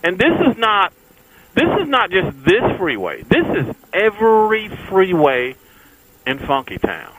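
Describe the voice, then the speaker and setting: A man's voice: sits high, wildly swooping pitch, a little slow. Guy chatting from his motorbike, calls everyone y'all, voice jumps up and down a lot, faint road noise. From Texas. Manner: folksy and chatty, addresses viewers as y'all. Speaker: motorcycle vlogger. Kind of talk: casual riding vlog chat. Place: on a motorcycle on a freeway, outdoors.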